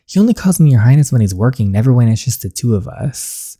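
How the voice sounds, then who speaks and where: A woman's voice: very deep voice, sing-song, fast talker, few pauses, warm tone, breathy edge. A woman hosting a casual let's-play, chatting and reacting to a story game as she plays. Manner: chatty, talks to herself about the story. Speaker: gaming channel host.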